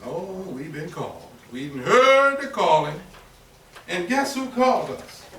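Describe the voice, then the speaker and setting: A man preaching a sermon in call-and-response style, emphatic and lively. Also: sits high, unhurried. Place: temple meeting hall. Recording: roomy, distant audience recording with faint noise.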